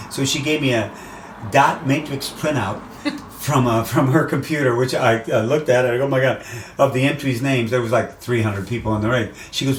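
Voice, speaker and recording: An older American man, a race announcer, telling animated stories in a casual interview. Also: medium pitch, normal speed, recorded from a distance. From USA. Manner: animated anecdotes, acts out quoted voices. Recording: roomy, off-mic, faint background noise.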